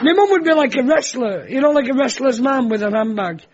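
High-pitched chatty comedian. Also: male voice, a little fast, background noise. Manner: animated storyteller acting out family voices. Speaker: comedian guest. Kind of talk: anecdotal chat show banter. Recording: dull lo-fi broadcast with audience.

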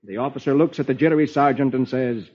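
A man's voice: mid-range voice, fast talker, darkish tone. A man hosting an old children's radio show, reading the comics aloud in a playful, sing-song storytelling manner. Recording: muffled old radio broadcast.

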